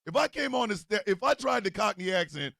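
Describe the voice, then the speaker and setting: A male host with a mixed New Jersey and Missouri accent rants loudly and profanely and often breaks into shouts. His voice sits high, swings widely up and down, and has a bright, gravelly edge. The sound is dry and close. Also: fairly quick, no echo. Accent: mix of New Jersey and Missouri. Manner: loud, profane and animated, with bursts of shouting. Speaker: show host and co-owner. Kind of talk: profane political rant on a livestream.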